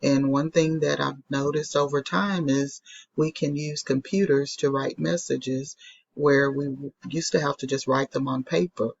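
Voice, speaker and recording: A woman's voice: extremely low pitch, gravelly, husky, muffled recording. A woman teaching a recorded phonics lesson to young children, patiently sounding out letters and repeating them. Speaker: elementary school teacher.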